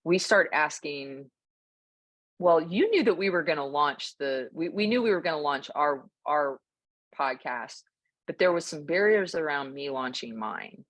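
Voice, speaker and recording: A woman co-hosting a podcast, telling a story in a relaxed, reflective way with frequent fillers. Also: deep voice, a little slow, dry recording. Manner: thoughtful storytelling, many fillers. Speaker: podcast co-host. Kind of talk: casual reflective chat.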